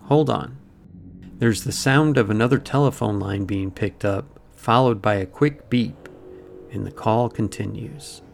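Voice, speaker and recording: A man's voice: fairly low pitch, a little slow, gravelly, a little hiss or hum. A man narrating a true mystery story as podcast host, dramatic and scripted. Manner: dramatic retelling with acted-out quotes.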